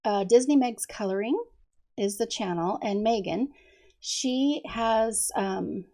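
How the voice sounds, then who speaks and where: A woman chats slowly and easily while she colors, her voice gravelly with fry. Allergies leave her hoarse, and she fills pauses with ums and little giggles. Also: a little high, mellow. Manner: chatty, many ums, giggles often. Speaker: coloring channel host. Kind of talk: casual coloring chat.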